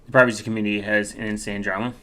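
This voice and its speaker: A man's voice: lowish voice, level tone, racing, a crowd in the background. A man from the United States rambling casually while browsing, with many fillers and self-corrections.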